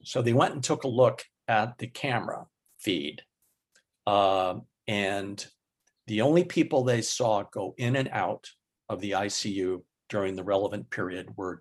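A man recounting a story as an interview guest. His voice is a little husky and he takes his time. He hesitates often and fills pauses with ums, uhs and repeated words. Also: lowish voice. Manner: slow, halting delivery with many fillers.

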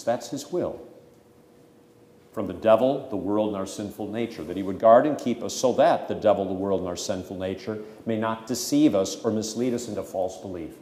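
A low-pitched man gives an emphatic catechism lesson as a pastor, leaning hard on key words and slipping into homely asides. His voice rings out through a roomy hall, and a long reverb trails after every phrase. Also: warm tone. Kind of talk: catechism teaching to a congregation.

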